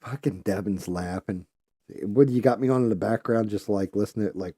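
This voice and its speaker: A man's voice: fairly low pitch, a little fast, mellow, husky, no echo, clean studio sound. A man hosting a live stream, talking bluntly and profanely in casual chat. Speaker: live show host.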